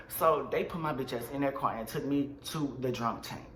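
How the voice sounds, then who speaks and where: A man telling a storytime vlog in an animated, slangy and dramatic way. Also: mid-range voice, normal speed, roomy sound, slight background noise. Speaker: vlogger.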